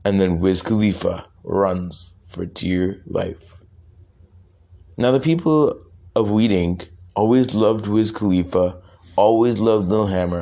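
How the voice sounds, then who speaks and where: A young man improvising a rambling, profane comic story, with halting restarts. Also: deep voice, gravelly, dark tone.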